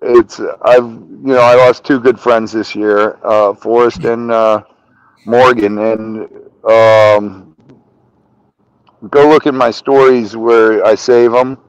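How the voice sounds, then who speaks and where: A man's voice: fairly low pitch, level tone, takes it slowly, clean tone, no room sound, dull audio. A man guest on a podcast, telling casual stories about a friend with swearing and laughter. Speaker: podcast guest, reptile keeper. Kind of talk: casual storytelling.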